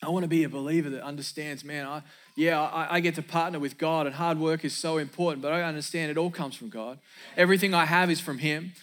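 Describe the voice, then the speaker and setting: A man's voice: on the high side, fairly even intonation, quick pace, a bit bright. A man preaching a sermon as pastor, emphatic, repeating key lines for effect and dropping in joking asides.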